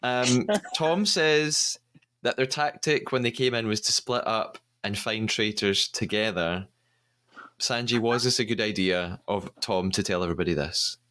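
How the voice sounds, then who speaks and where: A British man hosting a podcast, retelling a reality show episode in a lively, storytelling way with frequent laughs. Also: on the low side, measured pace. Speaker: podcast host. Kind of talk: casual podcast recap.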